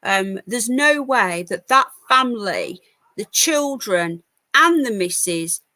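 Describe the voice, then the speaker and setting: A woman's voice: medium pitch, lively intonation, slow pace, pushed and bright, no echo. A tired woman from the UK hosting a casual live news stream, giving blunt opinions and reading out chat comments. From United Kingdom. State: tired, yawning. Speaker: livestream news host.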